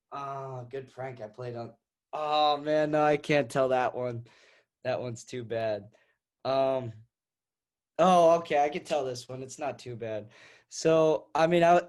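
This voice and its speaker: A man's voice: medium pitch, darkish tone. A young man, a wrestler guest, chatting casually and telling stories with frequent laughs. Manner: laid-back, laughing storyteller. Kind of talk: casual interview chat.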